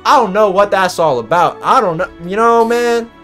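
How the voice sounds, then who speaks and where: Man doing a chatty loudmouth passenger, rambling, drawling, oblivious. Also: high voice, lively intonation, normal speed, soft background music. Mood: musing. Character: loud chatty male passenger, oblivious conspiracy talker.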